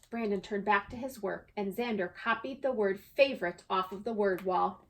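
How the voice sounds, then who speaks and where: A woman who teaches second grade, reading her own children's storybook aloud in a bright, teacherly way. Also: mid-range voice, normal speed, a little hiss or hum.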